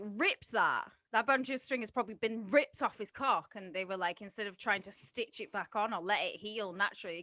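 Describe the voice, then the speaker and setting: A woman's voice: mid-range voice, bright, forceful tone, dry recording. A woman podcast co-host, chatting crudely and bluntly, swearing and laughing often. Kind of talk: casual crude chat.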